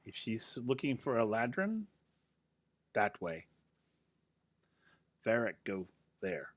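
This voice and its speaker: A man's voice: fairly low pitch, sing-song, takes it slowly, no room sound. A man voicing an ancient male tree creature who speaks in broken, clipped words in a fantasy game. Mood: grave.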